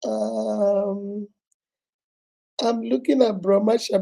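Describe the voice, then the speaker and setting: A woman's voice: medium pitch, steady tone, slow pace, dark tone. A woman hosting a casual livestream, sick with a cold and coughing, greeting her viewers one by one by name. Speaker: livestream host.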